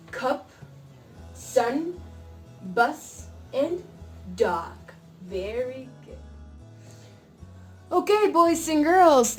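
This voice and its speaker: A woman's voice: a little high, reverberant, distant mic. A woman teaching a kindergarten phonics lesson, drawing out sounds and gasping playfully, with faint music behind her. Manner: slow, drawn-out sounds with playful gasps, switching between English and Spanish. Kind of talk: bilingual phonics lesson for children.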